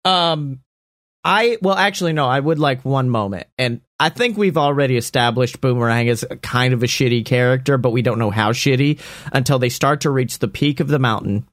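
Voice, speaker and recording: A man brainstorming a story casually, animated and profane, acting out lines as he goes. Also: mid-range voice, a little fast, dry recording, clean studio sound.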